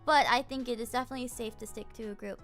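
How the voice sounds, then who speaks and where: A woman's voice: a little high, fairly even intonation, fast talker, a bit bright, soft background music. A woman streamer chatting casually from her home setup, rambling and giggling with lots of fillers.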